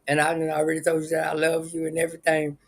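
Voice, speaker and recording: Gravelly man rambling on a live stream. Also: on the high side, monotone, racing, poor audio. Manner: rambling, chuckling, talks straight to viewers. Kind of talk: casual unscripted live stream talk.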